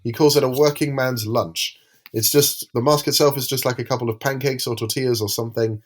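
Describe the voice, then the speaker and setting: A man's voice: mid-range voice, fairly even intonation, fairly quick. A man co-hosting a podcast in casual chat, rambling and hesitant as he describes things. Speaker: podcast co-host.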